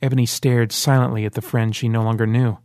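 A man reading an audiobook in steady, earnest scripted narration. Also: mid-range voice, quick pace, no room sound, clean studio sound.

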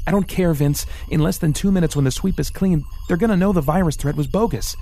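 A man voicing an anxious young male rebel who talks fast and urgently. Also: fairly high pitch, mellow, voice pushed up. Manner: urgent, nervous.

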